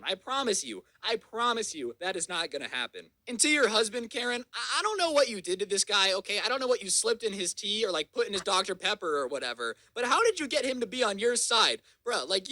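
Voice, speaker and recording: A man's voice: high voice, sharp tone, no echo, poor audio. A man in his twenties telling a storytime rant on his channel, sarcastic and full of mocking insults. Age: 20s. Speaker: YouTuber.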